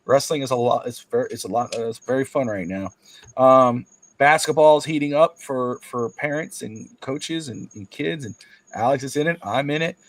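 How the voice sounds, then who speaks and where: A man co-hosting a sports talk stream, telling a long story about coaching kids' basketball in casual chat, jumping high in pitch when acting out quotes. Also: normal speed, poor audio. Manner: rambling storyteller, acts out quotes with big pitch jumps. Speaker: podcast co-host and youth basketball coach.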